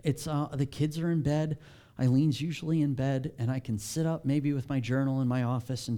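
A man's voice: mid-range voice, normal speed, warm tone. A man, a pastor with children, giving a candid, self-deprecating, conversational sermon.

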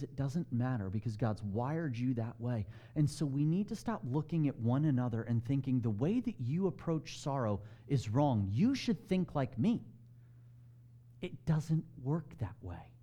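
A man preaching a sermon, animated and emphatic, asking the congregation direct questions and dropping to a hush on key lines. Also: mid-range voice. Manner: swings between loud emphasis and hushed softness. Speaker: pastor.

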